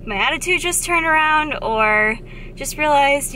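A young woman films herself for her vlog, talking in a casual, upbeat ramble full of "like". Her voice sits a bit high and sounds bright and forward. A faint hiss lies under the handheld recording. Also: lively intonation, measured pace. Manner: chatty, upbeat, says "like" often. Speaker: fitness vlogger. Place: out and about: car, gym, home.

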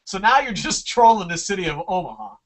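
A man's voice: sits high, very animated, brisk, recorded from a distance. A young man from New Jersey co-hosting a casual podcast, telling long profane stories in a rambling way. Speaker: podcast co-host.

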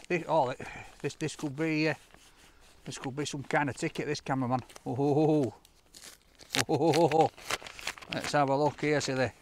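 A man's voice: a little high, a little hiss or hum. Chatty man vlogging outdoors. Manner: chatty, excitable, often laughing. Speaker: food reviewer opening fan mail. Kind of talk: casual vlog chat to camera. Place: outdoors in a park.

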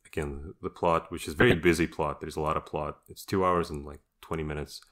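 Very deep-voiced sardonic man. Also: fairly even intonation, a little fast, fairly bright tone. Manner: sardonic, mocking. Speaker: podcast guest. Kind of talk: casual podcast discussion.

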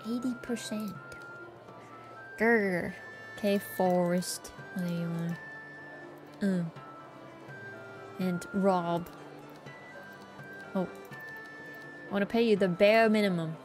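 A woman streaming a game, chatting casually to herself in a playful, jokingly bossy way. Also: medium pitch. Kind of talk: casual gameplay commentary.

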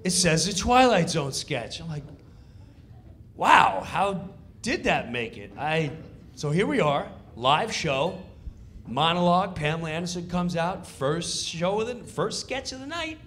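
Animated man telling a stand-up story. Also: on the high side, moderate pace. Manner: animated and excitable. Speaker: comedian.

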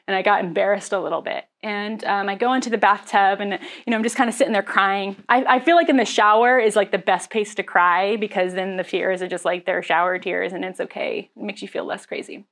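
A woman's voice: mid-range voice, steady tone, a little fast, hardly any pauses, a bit bright. Candid woman pastor preaching casually. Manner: candid, conversational, laughs often, frequent fillers. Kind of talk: sermon.

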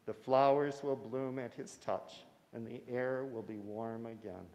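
Man voicing a gentle mother goddess. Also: medium pitch, steady tone, measured pace, in a large hall, close to an everyday voice. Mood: tender.

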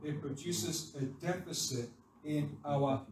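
A fervent man preaching in a large church, his voice set fairly high for a man and rising to loud exhortation. He is heard from some distance, with the sound ringing around the hall. The congregation calls back to him throughout. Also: fairly even intonation, slow pace, a little hiss or hum. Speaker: pastor. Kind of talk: sermon. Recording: echoey hall, voice from far off. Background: congregation responding.

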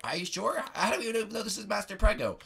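A man's voice: high voice, animated, fast, vocal fry, fairly bright tone, husky, faint music behind, full character voice. A man voicing a prim female cartoon princess who scolds and fusses. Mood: fussy.

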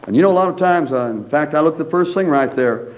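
A man preaching a sermon as pastor, in a folksy, animated manner full of asides. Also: fairly high pitch, quick pace. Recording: dull lo-fi sermon recording.

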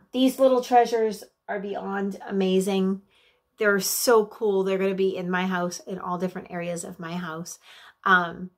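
Speaking at a medium pitch, a vlogger in her thirties opens gifts in a casual video. She talks straight to viewers with excited gushing but grows soft and hesitant when something touches her.

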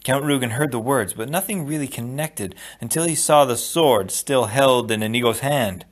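This audiobook reader, a man with a mid-range voice, narrates a novel in a storybook read-aloud style. His pacing is steady and measured throughout.

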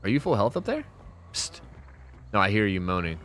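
A man's voice: fairly low pitch, brisk, long pauses, noisy background. A young man with a joking manner, giving casual commentary over his own gameplay as a streamer. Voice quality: animated, joking, talks to players on screen. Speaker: gaming streamer.

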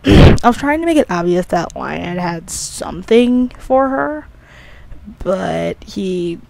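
A casual, rambling commentary from the creator of an audio drama series. The voice carries a noticeable gravelly vocal fry, and the talk is offhand and a little sleepy. Thoughts often restart or get corrected midway. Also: medium pitch, a little mellow, a little hiss or hum.

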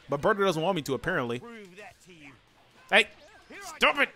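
A man commentating a let's play with a bright, forceful voice that swings widely in pitch. He gets excitable and yells taunts at his opponents, sitting a little high for a man, with faint game music behind him. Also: normal speed, long pauses. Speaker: gaming channel host.

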